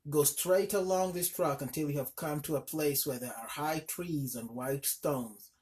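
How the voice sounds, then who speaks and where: A man reading a folk tale aloud and voicing a gazelle who gives slow, calm directions. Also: fairly high pitch, close to an everyday voice.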